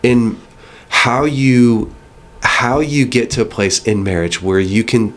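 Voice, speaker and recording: A man's voice: medium pitch, takes it slowly, fairly bright tone. A middle-aged man talking earnestly and reflectively, sometimes acting out little exchanges with his kids. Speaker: guest speaker. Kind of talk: conversational teaching.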